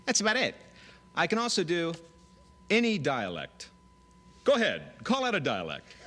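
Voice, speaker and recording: Playful man pitching comedy ideas. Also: pushed and bright, slight background noise. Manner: playful, self-amused, hesitant fillers between bits. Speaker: auditioning comedian. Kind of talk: casual audition pitch to camera.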